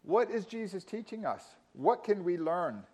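Emphatic man preaching, slightly high voice. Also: lively intonation, darkish tone. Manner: emphatic preaching with dramatic pauses and rising quoted lines. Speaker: pastor. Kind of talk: sermon.

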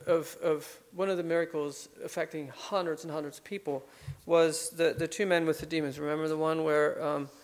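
A man giving an informal Bible study, talking things over conversationally with fillers and restarts. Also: on the high side. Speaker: Bible teacher.

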